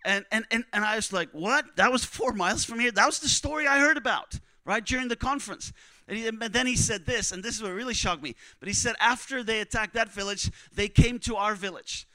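A man preaching, telling a story in a conversational, animated way and acting out what others said. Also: sits high, a little fast, dry recording. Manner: animated, conversational, acts out quotes. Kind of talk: sermon storytelling.

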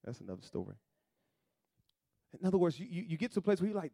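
Preaching man, hushed to shouting. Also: a little high, big pitch swings, fast talker, vocal fry, long pauses, slightly rough, dry recording. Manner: dramatic swings from hushed to shouting, conversational preaching. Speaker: pastor. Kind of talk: sermon.

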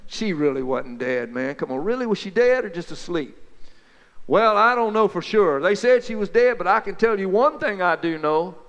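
A man telling Bible stories as a folksy, excited back-and-forth chat between two friends. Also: sits high, normal speed, long reverb tail, highs cut off. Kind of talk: two-voice dramatized Bible storytelling.

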